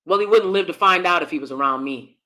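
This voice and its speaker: A woman's voice: lowish voice, fast talker, sharp tone. A woman hosting live-stream commentary, blunt and emphatic, often repeating herself. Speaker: commentary channel host.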